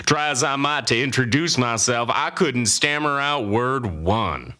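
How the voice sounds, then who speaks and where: A man's voice: medium pitch, lively intonation, measured pace, sharp tone. A man playing a grizzled old cowboy who tells a comic tall tale in a folksy, boastful, rambling way. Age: older. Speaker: storyteller.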